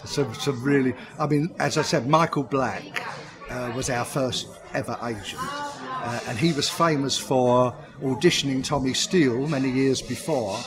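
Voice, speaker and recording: A man's voice: mid-range voice, animated, measured pace, music in the background. Older man telling chatty anecdotes. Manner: chatty storyteller who laughs often at his own anecdotes. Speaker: guest, comedy performer and pantomime writer. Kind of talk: anecdotal interview chat.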